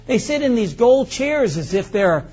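A man's voice: very high voice, very animated, measured pace, darkish tone, slightly rough. A middle-aged male pastor preaching a folksy, conversational sermon full of rhetorical questions. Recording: muffled lo-fi recording.

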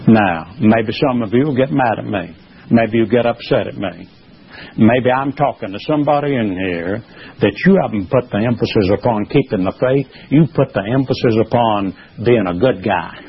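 Emphatic preacher, husky lo-fi. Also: male voice, normal speed. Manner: emphatic, rising in pitch and force when pressing a point. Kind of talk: sermon. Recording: muffled lo-fi sermon recording.

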